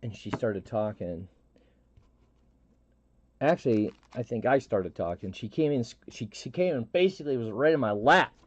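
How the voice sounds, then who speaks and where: A man's voice: medium pitch, animated, a little hiss or hum. Rambling middle-aged man, muffled stream audio. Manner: rambling, halting, lots of restarts and fillers. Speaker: live stream host. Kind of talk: casual storytelling chat.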